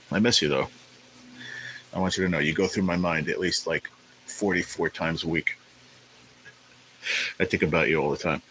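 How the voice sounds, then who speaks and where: Low-voiced tired man chatting on a live stream. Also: a bit bright, slight background noise, low-quality recording. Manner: rambling, laid-back, greets viewers by name. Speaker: livestream host. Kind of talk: casual livestream chat.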